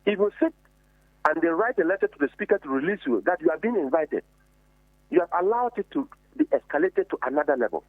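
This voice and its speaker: An emphatic man, firing off rhetorical questions in heated political commentary. His voice sits high and swings widely in pitch. The sound is dry and tinny, like a phone line. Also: animated, quick pace, dry recording. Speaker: member of parliament on a committee.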